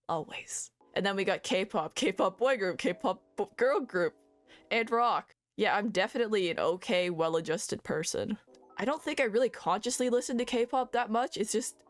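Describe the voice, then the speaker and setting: Chatty woman vlogger over soft music. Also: medium pitch. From Canada. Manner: chatty, self-deprecating, stumbles over foreign titles. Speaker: VTuber host. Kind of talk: casual chat reading out music stats.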